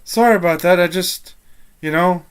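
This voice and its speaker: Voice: mid-range voice, moderate pace, smooth, close to an everyday voice. A game master voicing a nervous male camp guard who stammers and panics easily. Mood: awkward.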